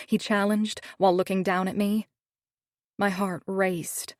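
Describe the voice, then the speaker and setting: A woman's voice: mid-range voice, little pitch movement, a little slow, a little mellow, dry recording. A woman narrating a first-person romance audiobook in a wry, snarky tone, on a studio microphone.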